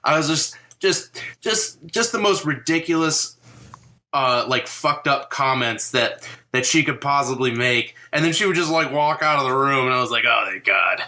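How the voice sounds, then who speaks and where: Young man, veteran podcast co-host, rambling with lots of fillers, crisp bright tone. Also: mid-range voice, moderate pace. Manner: rambling, filler-heavy, profane. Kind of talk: casual podcast chat.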